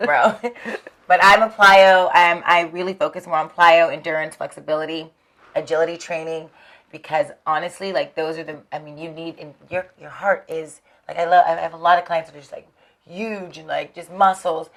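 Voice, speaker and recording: Woman, young adult, fitness trainer, animated, laughing, swearing, slightly low voice. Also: moderate pace. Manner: animated storyteller, laughs often, swears freely. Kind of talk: casual interview chat.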